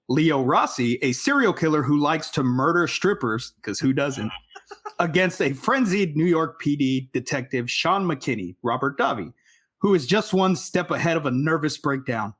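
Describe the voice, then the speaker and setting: A man's voice: fairly high pitch, a bit bright, husky. A man on a podcast reading a plot rundown aloud, slipping in wry jokey asides. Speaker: podcast co-host.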